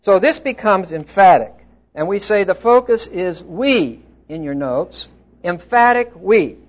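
An older male pastor with a high voice, teaching from the pulpit in a steady, emphatic way and putting questions to his listeners. The recording sounds a little dull and muffled. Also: a little slow. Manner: teacherly, asks the congregation questions, stresses words emphatically. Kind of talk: expository sermon. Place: church hall before a congregation.

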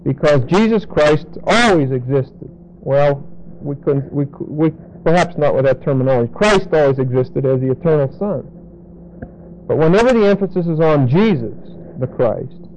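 Guy teaching bible study, kinda high voice, keeps repeating words slow, faint hum behind. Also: darkish tone, poor audio. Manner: explanatory, repeats key words slowly for emphasis.

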